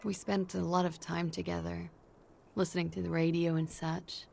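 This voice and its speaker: Cast: weary young fugitive, guarded and evasive, heavy vocal fry. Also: female voice, fairly low pitch, flat delivery, normal speed, slight background noise. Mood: confessing. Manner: tired, guarded, quietly evasive. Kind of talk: video game voice acting.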